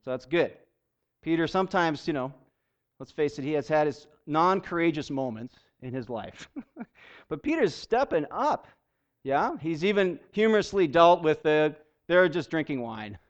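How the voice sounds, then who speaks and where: A man's voice: a little high, animated, normal speed. A man giving a conversational bible teaching, chatty, with restarts and laughing asides. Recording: dull lo-fi recording.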